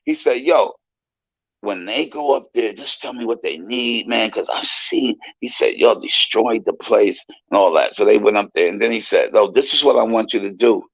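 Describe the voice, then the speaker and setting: Animated guy telling old stories, swears a lot, dull dry audio. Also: on the low side, moderate pace, vocal fry, dry recording. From United States. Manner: animated, profane, acts out quoted voices. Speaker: interview guest. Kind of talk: casual storytelling interview.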